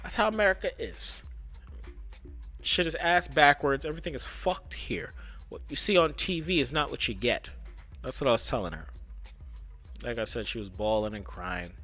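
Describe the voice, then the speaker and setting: A man streaming live, telling a casual story in a rambling, profane, animated way. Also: mid-range voice, moderate pace, long pauses, faint music behind.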